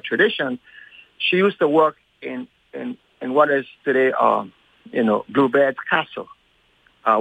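A male radio guest recounting local history, speaking deliberately slowly with many ums and uhs. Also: medium pitch, vocal fry, no echo. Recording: tinny phone line.

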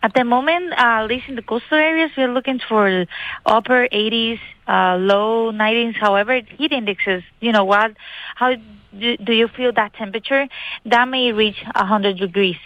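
Higher-voiced female weather forecaster on a dull line. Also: normal speed, no room sound. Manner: informative, careful, with many fillers. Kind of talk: phone-in weather briefing.

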